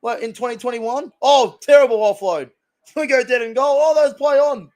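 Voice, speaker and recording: A man's voice: very high voice, normal speed, darkish tone. A young man with an Australian accent casually chatting and reacting to plays as he hosts a live stream watch-along, rambling between topics. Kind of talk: casual live commentary and chat.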